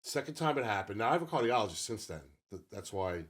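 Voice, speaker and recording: Fast-talking and sing-song, with a fairly low pitch, this fifty-something podcast co-host spins a lengthy tale in relaxed chat, cursing liberally as he rambles.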